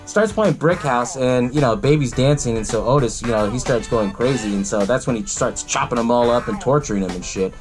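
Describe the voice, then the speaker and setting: A man's voice: medium pitch, brisk, hardly any pauses, music in the background. A man hosting a podcast, casually retelling a movie in a rambling, profane way and laughing often. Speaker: podcast host.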